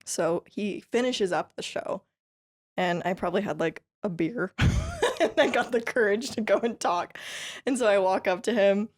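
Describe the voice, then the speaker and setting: A woman's voice: medium pitch, moderate pace. A woman from California, a country fiddle player guesting on a podcast, telling stories in a chatty, upbeat way with frequent laughs and lots of "like" and "you know". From California, USA. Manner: chatty and upbeat, laughs often between phrases; tells stories lively, with many fillers like "like" and "you know". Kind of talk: casual interview storytelling.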